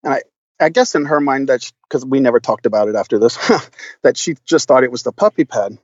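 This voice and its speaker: A man guest on a podcast, telling a story in a casual, profane, animated way with lots of fillers and restarts. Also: medium pitch, brisk, no room sound, dull audio.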